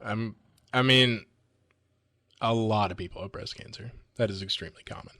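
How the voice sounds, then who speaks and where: A man's voice: lowish voice, moderate pace, sharp tone. A man co-hosting a casual podcast, reading odd news items aloud and adding dry remarks.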